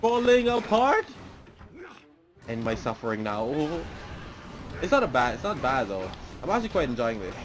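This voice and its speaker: A man's voice: mid-range voice, big pitch swings, a little fast, a bit bright. A young man giving casual gaming commentary, chatty and prone to repeating himself. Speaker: gameplay commentator.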